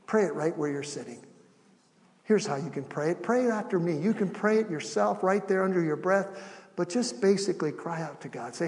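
Middle-aged guy preaching, soft then loud, acts out little asides, echoey hall. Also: high voice, a little fast. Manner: animated preaching with acted asides, shifting between soft and loud. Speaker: pastor. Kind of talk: sermon. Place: church sanctuary.

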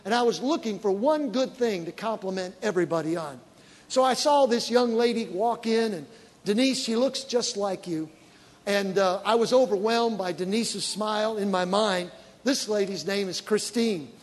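A man, a pastor, preaching a sermon with animated storytelling that rises to shouted praise. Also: sits high, normal speed. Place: large church auditorium. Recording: long reverb of a large church hall with congregation. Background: faint congregation.

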